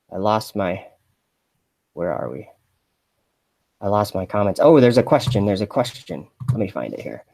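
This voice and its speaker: A man chatting on a mock live stream in a deadpan, rambling way, full of fillers and restarts. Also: low voice. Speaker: satirical livestreamer posing as an astronaut.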